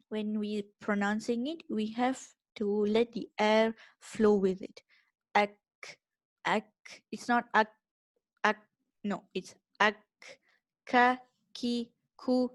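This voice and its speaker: Slow, patient woman teaching pronunciation. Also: mid-range voice, no room sound. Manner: slow, patient, demonstrates sounds repeatedly. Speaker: Quran recitation teacher. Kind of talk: tajweed pronunciation lesson.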